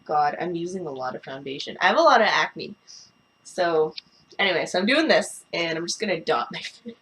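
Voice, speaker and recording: A woman's voice: fairly low pitch, expressive, a little fast, a bit bright. A young woman vlogging a makeup review, talking casually and bluntly, swearing and ranting. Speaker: beauty vlogger.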